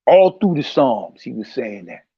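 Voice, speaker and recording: A man's voice: mid-range voice, big pitch swings, unhurried, husky, no room sound. Heated preachy man, dull lo-fi sound. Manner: heated, preachy, repeats himself. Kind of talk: casual religious commentary.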